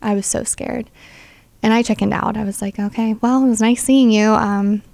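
A woman's voice: a little high, steady tone, normal speed, gravelly, warm tone, dry recording. A young adult woman sharing a personal faith testimony as an interview guest, earnest and full of "like" fillers.

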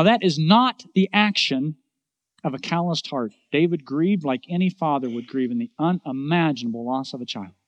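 A man preaching a sermon in an earnest voice, rising to loud emphasis and dropping to hushed, low endings. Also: no echo. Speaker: pastor.

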